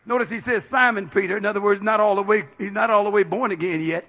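A man preaching a sermon as a bishop, with fiery call-and-response delivery that breaks into shouts at its peaks. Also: high-pitched, fast talker. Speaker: bishop and pastor.

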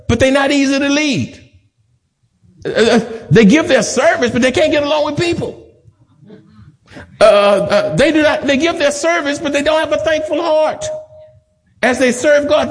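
A man's voice: sits high, a little mellow. A man preaching a sermon as pastor, emphatic and repetitive with joking asides. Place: church sanctuary.

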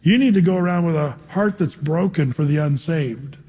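High-voiced husky preacher in a hall. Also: male voice, moderate pace. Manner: conversational, rhetorical questions, animated asides. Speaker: pastor. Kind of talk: sermon. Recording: long reverb in a large hall.

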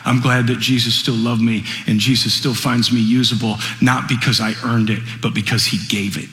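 A man preaching a radio sermon, telling a story dramatically and building to impassioned, near-shouted passages. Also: medium pitch, little pitch movement, normal speed, reverberant, long reverb tail, soft background music.

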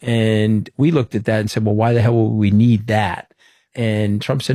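In clean studio sound without echo, a middle-aged man speaks at a normal pace in a low-leaning voice. He is an interview guest recounting stories conversationally and animatedly, performing the quoted dialogue himself.

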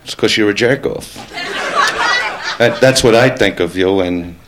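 A man's voice: on the low side, measured pace, heavy background noise. A man doing a stand-up routine, brash and crude, teasing the crowd. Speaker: stand-up comedian.

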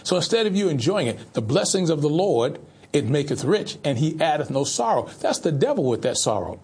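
A man's voice: fairly high pitch, big pitch swings, fairly quick, a little mellow, slightly rough. A man preaching a sermon as pastor, repeating rhetorical questions in an insistent way.

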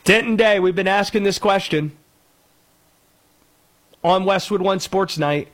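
A man with a Cajun accent hosting a sports talk radio show, loud, excitable and jokey. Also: unhurried, dry recording. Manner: loud, excitable, jokey, swings pitch for emphasis.

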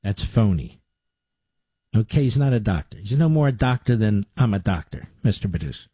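A man's voice: lowish voice, animated, moderate pace, warm tone, breathy edge, dry recording. A man hosting a political talk radio show, combative and sarcastic, with mocking asides to his producer. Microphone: studio microphone.

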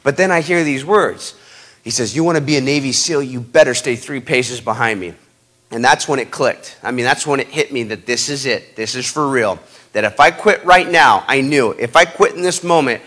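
Bright, forceful male storyteller. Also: mid-range voice. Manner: animated, dramatic, building intensity. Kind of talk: motivational storytelling.

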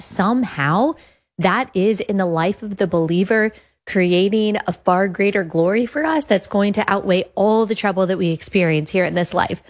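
A woman's voice: medium pitch, normal speed. Earnest woman hosting a faith podcast. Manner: earnest, emphatic. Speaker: podcast host.

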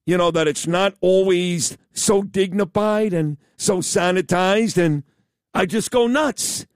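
A man's voice: sits high, slow pace, smooth, no room sound, clean studio sound. A man hosting a radio talk show, talking in a blunt, emphatic, rambling way. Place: radio studio. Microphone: studio mic.

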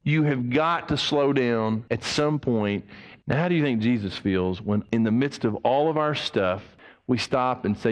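A man preaching a sermon as pastor, animated, acting out the people he quotes. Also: medium pitch, moderate pace. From United States. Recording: long reverb of a church hall.

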